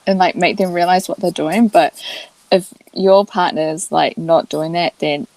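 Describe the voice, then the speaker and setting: A woman's voice: lowish voice, steady tone, a little slow, darkish tone, dry recording, low-quality recording. A woman in her twenties co-hosting a podcast, chatting casually and reacting to her friend's story with short remarks and questions. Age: 20s. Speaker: podcast co-host. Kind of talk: casual chat.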